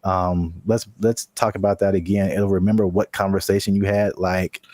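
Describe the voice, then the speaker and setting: A man co-hosting a casual tech chat podcast, animated and joking, with sudden high shouted bits. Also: normal speed, dry recording. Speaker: co-host.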